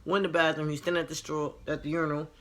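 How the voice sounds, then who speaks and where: Man, fairly high voice, casual storytelling, blunt, profane, exasperated. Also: little pitch movement, very fast, fairly bright tone. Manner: retells conversations by voicing each side. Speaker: line cook.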